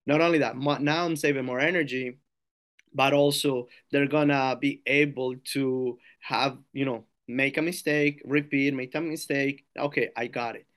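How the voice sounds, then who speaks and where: Coach guy with a colombian accent, smooth clear voice, keeps restarting and repeating himself. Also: medium pitch, steady tone, moderate pace, a bit bright. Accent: Colombian Spanish. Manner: earnest, many restarts and repeated words, acts out his own coaching cues. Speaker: strength coach, podcast guest. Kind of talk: casual podcast interview.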